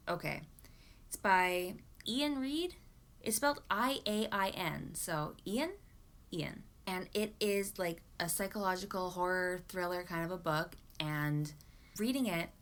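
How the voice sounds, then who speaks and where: A young woman from Canada chatting casually about books she read, rambling and animated with many asides. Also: mid-range voice. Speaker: book vlogger. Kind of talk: casual chat.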